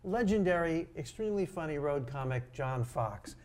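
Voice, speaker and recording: A man's voice: fairly high pitch, expressive, normal speed, darkish tone. A man co-hosting a podcast, asking enthusiastic questions in casual chat. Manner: enthusiastic interviewer, prompts with questions. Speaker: co-host.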